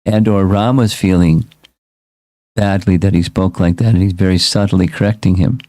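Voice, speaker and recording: A man's voice: low voice, steady tone, moderate pace, mellow, dry recording, studio quality. A man as a spiritual teacher giving a casual scripture class, reflective and repeating himself as he restarts words.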